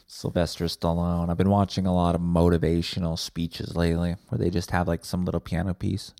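A man's voice: low voice, steady tone, a little fast, gravelly, hardly any pauses, dark tone, no room sound. A man hosting a podcast, delivering a rambling, profane, sarcastic comedic monologue on a close mic. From Winnipeg, Canada. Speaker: podcast host.

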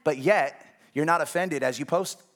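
A man's voice: fairly high pitch, normal speed, fairly bright tone. Conversational male pastor preaching a sermon. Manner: conversational, checks in with the congregation.

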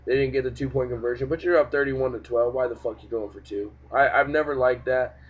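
A man's voice: mid-range voice, a little fast, breathy edge. Man ranting about football, lo-fi. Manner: profane, ranting, animated. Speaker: podcast host. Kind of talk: casual sports podcast chat. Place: home room, cat nearby. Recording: dull lo-fi home podcast recording.

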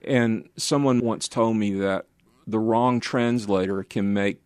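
An older man speaks in a low voice, recounting his years of ministry with earnest warmth and an easy laugh. The sound is close and dry, with no room around it. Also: fairly even intonation, slow, no room sound. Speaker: pastor and guest.

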